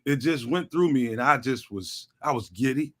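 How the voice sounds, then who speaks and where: A man guesting on a sports talk show, talking in an animated, slangy way and repeating phrases for emphasis. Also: mid-range voice, normal speed. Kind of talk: casual sports talk chat.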